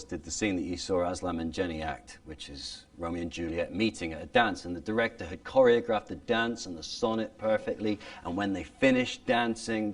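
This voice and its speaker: A man with a low, gravelly voice who explains things in an animated, bouncy way. He sounds a bit distant from the microphone. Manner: animated, demonstrates verse in shifting voices. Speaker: speaker on original pronunciation. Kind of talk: lively explanatory talk with reading demonstrations.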